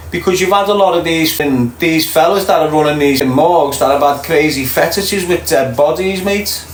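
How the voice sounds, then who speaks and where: A middle-aged Liverpool man, talking bluntly and casually to his livestream viewers. His voice sits a little high for a man. The room echoes around him, with a faint hum of ambience behind. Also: fairly even intonation, brisk. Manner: blunt, swearing, chatty with viewers. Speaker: livestream host. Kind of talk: casual live chat reading comments.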